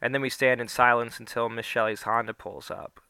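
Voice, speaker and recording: A man's voice: medium pitch, level tone, brisk, creaky, pushed and bright, clean tone, no room sound. A man narrating a first-person story aloud, giving the characters small shifts of voice.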